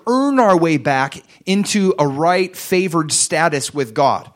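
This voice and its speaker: A man preaching, telling a story and acting out the characters' words, swinging between hushed lines and raised, pleading ones. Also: on the high side, expressive, a little slow, few pauses. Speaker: pastor. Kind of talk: sermon storytelling.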